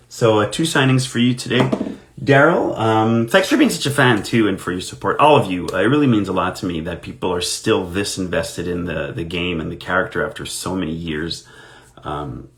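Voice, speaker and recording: Low-voiced man chatting while signing. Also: a bit bright. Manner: chatty anecdotal storytelling, self-deprecating. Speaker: actor signing autographs on a live stream. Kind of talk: casual chat while signing.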